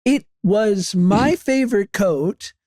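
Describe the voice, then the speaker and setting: A man's voice: high voice, animated, takes it slowly, a little mellow, no echo, clean studio sound. A man in his thirties telling casual anecdotes on a podcast, often laughing through his stories. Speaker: podcast co-host. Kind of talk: casual chat.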